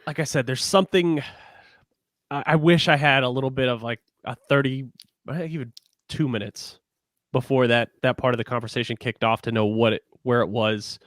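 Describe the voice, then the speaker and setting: A man co-hosting a relationship podcast, talking casually in a halting, blunt way. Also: medium pitch, steady tone, a bit bright, dry recording, studio quality. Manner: halting, restarts and fillers, blunt. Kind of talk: casual conversation.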